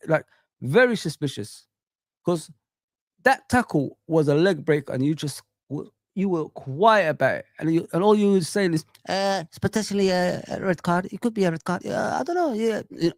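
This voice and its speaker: Casting note: male fan-channel host, slightly higher voice, rambling and animated with constant fillers, close dry sound. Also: dry recording. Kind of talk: casual live reaction chat.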